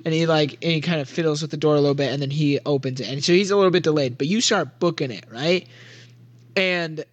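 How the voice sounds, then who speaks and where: A young game master narrates a tabletop role-playing game, rambling and giggling with lots of fillers, frequently "like." His voice is a little high and he talks fast, on a dry, muffled recording.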